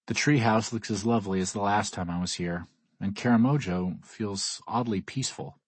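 A man narrating a first-person audiobook in a measured, wry manner. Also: on the low side, husky, no room sound.

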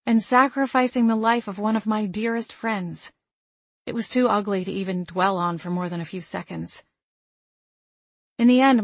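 A woman narrating a first-person novel aloud in a soft, measured, quietly emotional way, close to the mic. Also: on the low side, dry recording. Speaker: audiobook narrator.

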